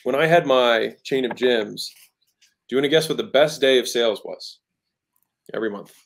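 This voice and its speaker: This male guest entrepreneur has a creaky, mid-range voice and a moderate pace. Sitting in on a casual interview, he teaches sales with emphasis, acts out different tones to illustrate ideas, and constantly asks "right?"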